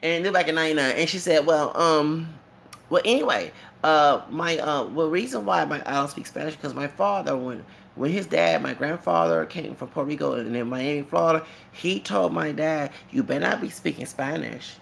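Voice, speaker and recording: A man's voice: fairly high pitch, fairly quick, gravelly, slight background noise. A man, rambling through a casual monologue with frequent asides and laughter. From Texas. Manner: rambling, animated, laughs often, many asides. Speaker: YouTuber.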